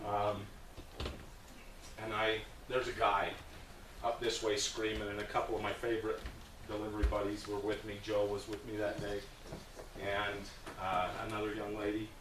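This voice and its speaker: A man's voice: on the low side, completely flat delivery, normal speed, noisy background. Earnest man telling stories, distant roomy mic. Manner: earnest, plainspoken anecdotes with hesitations. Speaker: guest speaker about a volunteer food project. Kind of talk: personal storytelling talk to a group.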